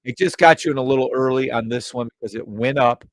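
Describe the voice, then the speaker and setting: On his live trading stream, a man with a medium-pitched voice talks quickly, recorded without echo. He addresses viewers directly in a chatty way and hums la-da-da tunes between chart calls.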